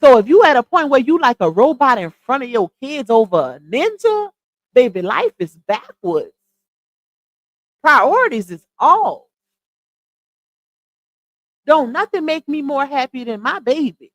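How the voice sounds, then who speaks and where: A middle-aged woman hosts a casual live stream, talking straight to her viewers. Her voice sits fairly high and her delivery is chatty and animated. The sound is dry and close, with no room echo. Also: unhurried, pauses often. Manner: chatty, animated, addresses viewers as y'all and child. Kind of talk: casual chat commentary.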